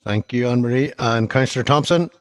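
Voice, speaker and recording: A man chairing a council committee, brisk and procedural as he calls speakers. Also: mid-range voice, a little hiss or hum, poor audio.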